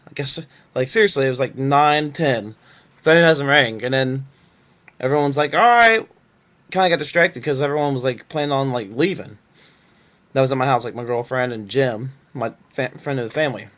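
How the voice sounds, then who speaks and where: A man's voice: mid-range voice, brisk, fairly bright tone. A young man from Northern Kentucky telling a story to his webcam in a rambling, laid-back way, full of fillers. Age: young adult. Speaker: vlogger. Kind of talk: casual storytelling.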